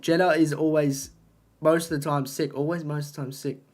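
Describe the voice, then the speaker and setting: An excitable young man chats casually with his live-stream viewers, swearing freely as he reacts. His voice sits a little higher than most men's. He talks into a desk microphone. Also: a little fast. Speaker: livestreamer.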